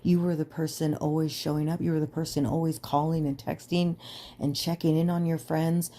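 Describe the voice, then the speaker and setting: A young adult woman hosts a podcast in a casual personal monologue, earnest and emphatic and full of "like" fillers. Her voice is low and mellow with a level tone, she talks fairly quickly, and there's slight background noise.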